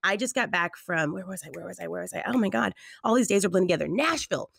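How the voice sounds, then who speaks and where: A woman's voice: on the low side, rapid-fire, gravelly, a bit bright, no echo, clean studio sound. A woman from the United States hosting a podcast, chatting casually with a lot of laughter and mimicking the people she talks about in put-on voices. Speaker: podcast host. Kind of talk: casual comedic chat. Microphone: audio-only call, no video.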